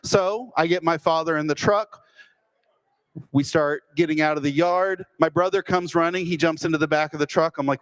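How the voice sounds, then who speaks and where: A man from Texas, telling a humorous personal story with self-deprecating, deadpan timing. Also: a little high, normal speed. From Fort Worth, Texas.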